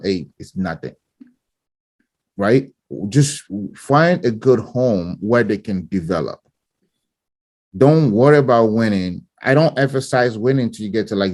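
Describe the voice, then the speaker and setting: A man's voice: lowish voice, darkish tone, no room sound. A middle-aged man from Nigeria, a former coach and parent, talking casually in an interview and laughing easily between many fillers.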